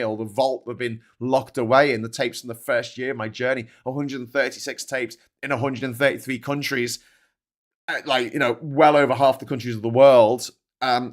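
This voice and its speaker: A man hosting a casual chat, ranting and swearing freely as he answers viewers. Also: medium pitch. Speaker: host.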